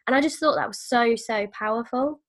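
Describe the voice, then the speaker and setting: A woman's voice: a little high, a little fast. A woman hosting a podcast, chatting with enthusiasm and now and then acting out quoted voices. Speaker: podcast host. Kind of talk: casual podcast conversation.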